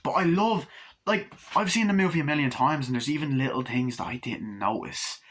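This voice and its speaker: Man, casual movie reviewer, bright tone, excitable, swears freely. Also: fairly high pitch, fairly quick. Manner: excited, rambling, swears a lot, acts out scenes.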